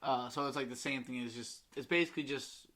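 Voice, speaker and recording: A man's voice: medium pitch, quick pace, a little hiss or hum. Young guy hosting a chat podcast, rambly, laughs a lot, does silly voices of his buddies. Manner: animated storytelling, drops into impressions of friends; laughs often, rambling with fillers. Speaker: podcast host. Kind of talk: casual chat between cousins.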